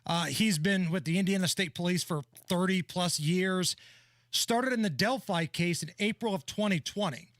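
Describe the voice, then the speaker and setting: A male talk radio co-host with a fairly high voice works through the day's news in careful order. His studio mic sounds dry and close. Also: normal speed, fairly bright tone, dry recording. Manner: methodical, reads details in order. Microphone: studio microphone.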